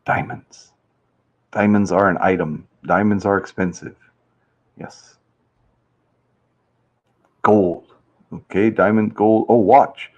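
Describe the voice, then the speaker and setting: A man's voice: on the low side, fairly even intonation, takes it slowly, pauses often, a little mellow, lo-fi sound. A man hosting a casual live-stream survey game, chatty and reading viewers' answers aloud with easy laughs. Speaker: livestream host running a survey game.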